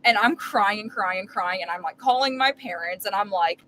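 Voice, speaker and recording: A woman's voice: mid-range voice, moderate pace, few pauses, pushed and bright, a little hiss or hum, poor audio. Rambling young woman telling a story. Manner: rambling, emphatic, heavy with "like" fillers. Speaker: full-time RV live streamer. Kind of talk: casual storytelling chat. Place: inside her RV while making dinner.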